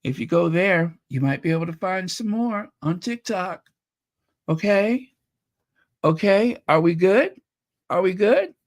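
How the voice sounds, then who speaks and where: Emotional slow-talking man host. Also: high voice, lively intonation. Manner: chatty, openly emotional, repeats phrases. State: voice getting strained. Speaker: channel host reacting to video clips. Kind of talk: casual reaction commentary.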